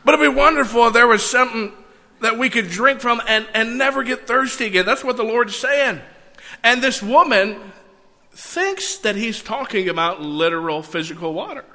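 A man preaching a sermon, reading scripture and breaking into animated, conversational asides. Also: very high voice, moderate pace. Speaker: pastor. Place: church sanctuary. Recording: long church hall reverb.

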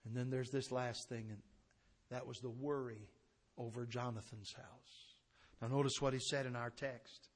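A man preaching a sermon, impassioned, swinging from shouted declarations down to quiet, low storytelling. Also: fairly even intonation, moderate pace. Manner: impassioned, rising to shouts then dropping low.

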